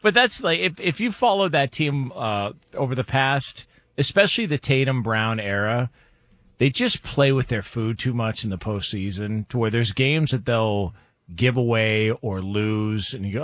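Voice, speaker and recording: A man's voice: medium pitch, expressive, moderate pace, a bit bright, no room sound. A man co-hosting a sports talk show, chatting in a laid-back way about playoff results.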